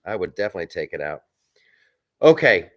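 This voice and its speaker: A man's voice: low-pitched, very animated, a little fast. A man hosting a live stream from a film set. He chats casually, reads out viewer comments and rambles with restarts and asides.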